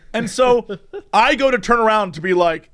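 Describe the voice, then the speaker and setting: A man's voice: high voice, lively intonation, unhurried, fairly bright tone. A man co-hosting a podcast, telling a story in casual chat and laughing often as he goes. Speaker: podcast co-host.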